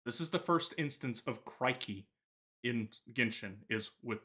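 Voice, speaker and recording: A man's voice: medium pitch, lively intonation, a little slow, bright, forceful tone. A man co-hosting a podcast in casual chat, joking and telling anecdotes. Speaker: podcast co-host.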